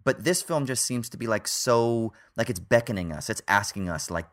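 A man on a podcast talking excitedly and analytically about a film's themes, with frequent fillers. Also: lowish voice, a little fast, hardly any pauses. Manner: enthusiastic, analytical, filler-heavy. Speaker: podcast co-host. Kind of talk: casual film discussion.

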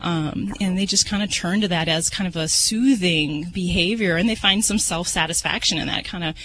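A woman's voice: lowish voice, normal speed, slight background noise, rough recording. A woman veterinarian answering a caller on a radio show, chatty with lots of "um"s. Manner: warm, chatty, says um a lot. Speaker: veterinarian guest. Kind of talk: explaining on a call-in radio show.

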